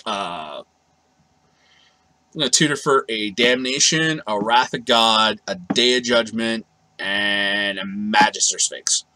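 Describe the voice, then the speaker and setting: A man's voice: on the low side, slow, pushed and bright, no echo, poor audio. Man, casual card game review, rambling, self-correcting, dry close sound.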